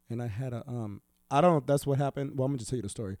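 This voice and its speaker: Young dude rambling thru a crude story, says like a lot, dead dry sound. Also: male voice, medium pitch, moderate pace, dark tone, smooth, no room sound. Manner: profane, rambling storyteller, heavy use of filler "like". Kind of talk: casual chat.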